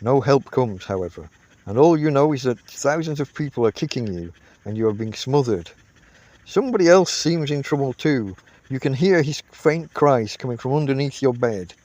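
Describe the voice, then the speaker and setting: A man's voice: mid-range voice, animated, normal speed, darkish tone, lo-fi sound. Man reading a classic audiobook. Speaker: audiobook reader.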